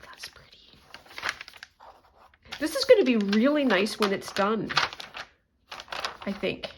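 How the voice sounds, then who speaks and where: Slow, chatty woman crafting aloud. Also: fairly high pitch, very animated, noisy background. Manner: chatty, self-mocking, thinks aloud while working. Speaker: crafting vlogger. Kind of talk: casual crafting chat to camera.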